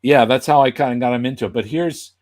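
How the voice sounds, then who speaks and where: A man, a puppeteer invited as a guest, spinning a relaxed backstage story in a conversational tone. He slips into lively impressions whenever he quotes someone, then drops back to his everyday voice. His voice sits at a middling pitch for a man. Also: fast talker. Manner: animated, acts out quoted voices. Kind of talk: casual anecdote telling.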